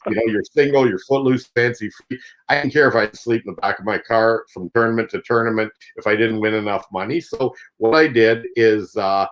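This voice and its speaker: A man's voice: fairly low pitch, low-quality recording. A Canadian man, a professional angler, telling a story in a casual, rambling way with many fillers. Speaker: professional angler and show host.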